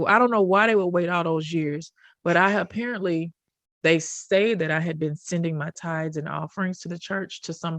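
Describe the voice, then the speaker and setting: Woman podcast host, low-ish voice, dry close sound, lively storyteller. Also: dry recording. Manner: animated storytelling with voiced quotes. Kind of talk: casual chat.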